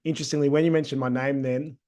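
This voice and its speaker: A man's voice: medium pitch, fast. Aussie guy, middle-aged, bit of a cold, easygoing chatty interview talk, lots of ums. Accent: Australian. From Australia. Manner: relaxed, chatty, with many ums. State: getting over a cold. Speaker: guest, agency co-founder.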